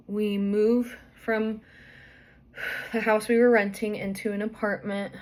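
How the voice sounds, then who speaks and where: A woman's voice: mid-range voice, a little hiss or hum. A young woman vlogger, out of breath and pregnant, chatting through a rambling personal story full of fillers and restarts.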